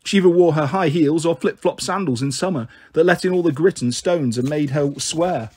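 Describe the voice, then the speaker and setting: A man reading a children's storybook aloud, expressive and voicing each character. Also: on the high side, normal speed, slightly rough. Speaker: audiobook narrator.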